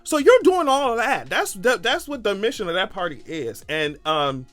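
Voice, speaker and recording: A man giving sarcastic, animated, profane commentary in a casual vlog. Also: sits high, normal speed, faint music behind. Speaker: commentary vlogger.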